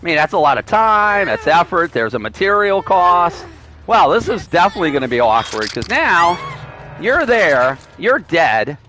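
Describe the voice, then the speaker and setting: A man's voice: fairly high pitch, big pitch swings, moderate pace, bright, forceful tone, soft background music. A man giving playful, teasing live commentary while streaming a game, sometimes pleading with other players.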